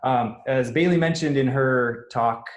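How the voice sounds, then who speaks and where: A middle-aged man speaking on a video call, introducing his young daughter and then reading a foreword aloud, earnest and relaxed with frequent fillers. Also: mid-range voice, unhurried, echoey room. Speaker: parent introducing a young author.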